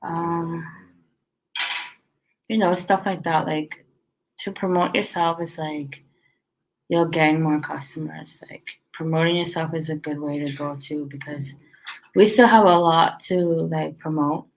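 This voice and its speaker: Her voice sits low with a steady tone and a measured pace, captured on a rough recording. She's a weary restaurant owner, yawning as she casually offers business tips in a rambling chat full of fillers and false starts.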